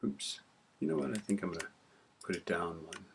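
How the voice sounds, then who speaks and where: Expressive and fairly quick, a low male voice with vocal fry guides viewers through a spreadsheet in a casual screen-recorded tutorial. He types along, regularly checking in with "right?", over keyboard clicks and a faint hiss or hum.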